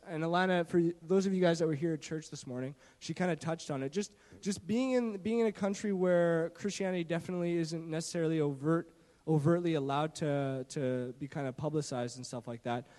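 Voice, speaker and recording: A man telling a mission trip story to a church gathering on a handheld mic, in a lively way with lots of fillers and restarts. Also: fairly high pitch, a little fast, hardly any pauses, in a large hall. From Canada. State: shaky from not eating. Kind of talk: church testimony talk. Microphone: handheld microphone.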